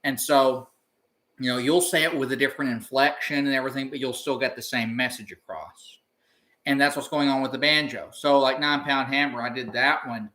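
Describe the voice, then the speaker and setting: A man's voice: medium pitch, a little fast. A man and banjo teacher talking casually during a live practice session, rambling loosely through his explanations. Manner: relaxed rambling explanation with sung snippets. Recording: banjo music under the voice.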